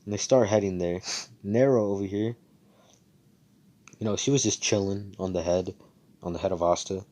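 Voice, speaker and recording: A man with a very low voice tells a fan story in a loose, rambling way. He leans on fillers and swears freely as he goes. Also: steady tone, moderate pace, pauses often, mellow. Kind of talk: casual fan-story narration.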